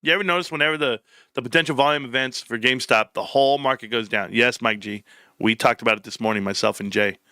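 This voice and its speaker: A man's voice: mid-range voice, fast talker, bright, forceful tone, smooth, dry recording, clean studio sound. A young man hosting a casual livestream, joking and riffing as he reads chat messages aloud. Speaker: livestream host.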